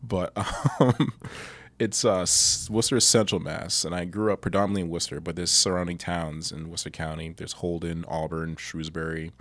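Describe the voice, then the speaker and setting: A man's voice: low-pitched, moderate pace. Laid-back man from chatting. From Massachusetts. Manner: relaxed, rambling, laughs often. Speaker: podcast guest. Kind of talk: casual chat.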